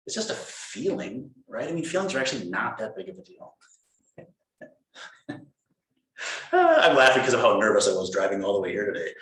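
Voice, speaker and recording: Animated man giving a dharma talk. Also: lowish voice, brisk, pauses often. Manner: animated, playful, acts out inner voices. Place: meditation hall. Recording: roomy hall echo.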